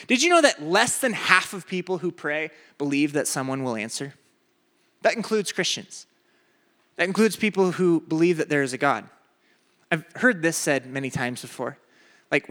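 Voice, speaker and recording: Animated young male preacher in a hall. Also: a little high. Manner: animated, acts out voices in stories. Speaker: pastor. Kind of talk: sermon. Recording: echoey hall.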